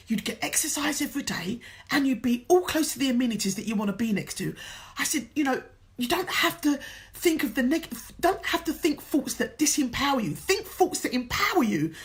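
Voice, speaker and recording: English lady coach telling a heartfelt story, a bit teary, voice sits fairly high. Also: lively intonation, a little fast. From England. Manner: emotional, earnest, tells a story with quoted dialogue. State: tearful. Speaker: life coach. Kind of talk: motivational storytelling.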